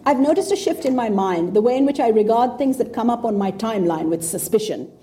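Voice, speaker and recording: A woman's voice: on the high side, expressive, brisk, dark tone, slight background noise. A woman in her fifties giving an informal talk to an audience, blunt, profane and sarcastic. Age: 50s. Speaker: speaker addressing an audience.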